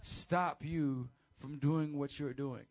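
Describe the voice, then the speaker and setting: A man preaching a casual, high-energy sermon to teenagers as youth pastor, with call-and-response. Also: fairly even intonation, slow, highs cut off.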